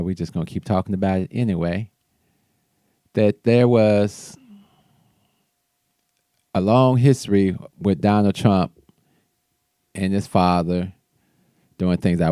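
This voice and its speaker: A man's voice: low voice, mellow, clean tone, no echo, clean studio sound. A man hosting his own show, casually talking through political commentary in a loose, conversational way with restarts. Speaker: show host.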